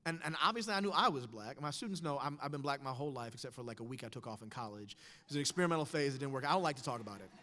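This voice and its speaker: A man in his thirties telling a personal story on stage with wry, animated delivery, quoting others in changed voices. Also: medium pitch, rapid-fire, slight background noise. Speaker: speaker. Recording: long hall reverb.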